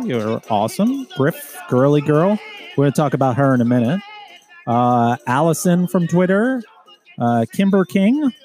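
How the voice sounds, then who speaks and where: A man's voice: medium pitch, darkish tone. A man, a first responder and podcast host, bantering casually and teasing his co-host.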